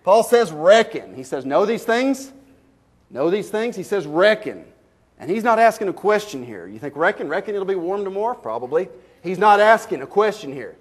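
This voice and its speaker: Male pastor, higher voice, sermon delivery with loud emphatic bursts and homespun asides. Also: big pitch swings, husky. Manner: preaching with sudden loud bursts and slow emphatic drops; folksy storytelling, rhetorical questions to the congregation.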